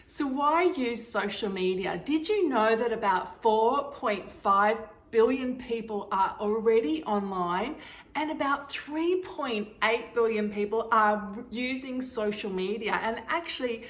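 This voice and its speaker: A woman's voice: on the high side, measured pace. A woman presenting a social media marketing training to a live event audience, explaining tips step by step. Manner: clear explanatory delivery. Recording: roomy echo.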